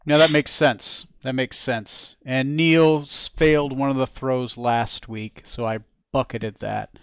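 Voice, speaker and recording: A man's voice: medium pitch, steady tone, measured pace, clean tone, dry recording, muffled recording. A man running a tabletop game as game master over an online call, talking hesitantly with many fillers.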